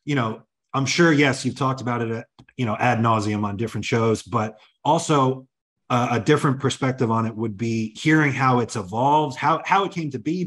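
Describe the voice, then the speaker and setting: A man's voice: medium pitch, a bit bright, slightly rough. Upbeat male podcast host. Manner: upbeat, rambling questions with restarts. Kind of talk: casual podcast interview.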